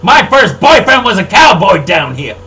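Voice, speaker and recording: An older man who owns a record label, delivering an angry, profane, rambling monologue that swings between loud outbursts and low mutters. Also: very animated, moderate pace, slight background noise, rough recording.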